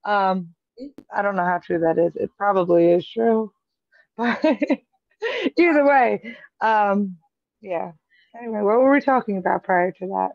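A woman with a raspy, gravelly, smoky voice and a Long Island accent, co-hosting a casual chat and laughing often. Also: mid-range voice, a little slow, pauses often, no echo, dull audio. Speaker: podcast co-host.

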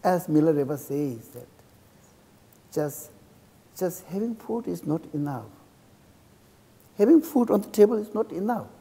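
A man who is a Buddhist monk, speaking English with a Tibetan accent as a second language. He teaches a class in halting English and keeps checking in with his students by asking "okay?". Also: a little high, animated, warm tone, husky. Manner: acts out insults and praise with a laugh. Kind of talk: dharma class lecture. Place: teaching room in a cultural center. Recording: reverberant hall.

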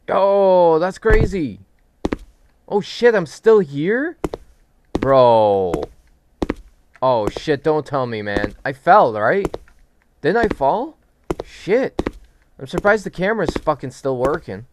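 A man giving casual commentary while playing a horror game, swearing a lot and getting jumpy and loud when something startles him. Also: a little high, lively intonation, slow pace, long pauses, noisy background. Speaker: gamer and channel host. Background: game music.

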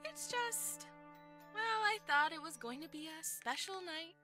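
A woman's voice: extremely high pitch, lively intonation, unhurried. A teasing, coaxing girlfriend. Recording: game audio with music behind.

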